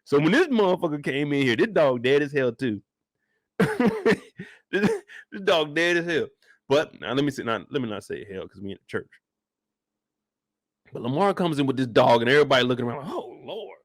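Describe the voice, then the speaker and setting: Speaking at medium pitch and a little fast, this show reaction host leaves long pauses as he rants comedically about a TV episode. He's animated and profane, laughing often, and the studio-quality audio has no echo.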